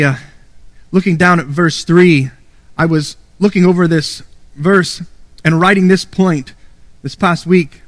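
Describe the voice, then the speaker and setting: A man's voice: fairly high pitch, no echo. A man preaching a sermon as a pastor, earnest and emphatic, reading and quoting scripture.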